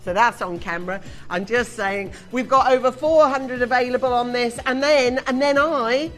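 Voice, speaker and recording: A British woman presenting live shopping TV, chatty, excitable and self-mocking as she sells. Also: fairly high pitch, moderate pace. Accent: British English. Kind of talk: live TV selling. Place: TV studio.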